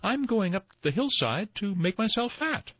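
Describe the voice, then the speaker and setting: A tiny, timid billy goat from a storybook squeaks and pleads in a voice pitched far above a grown man's, as an older man puts him on. The sound is a little dull and dry, with no room around it. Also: big pitch swings, normal speed, a bit bright, husky, no echo, exaggerated voice. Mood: meek. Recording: slightly dull dry recording.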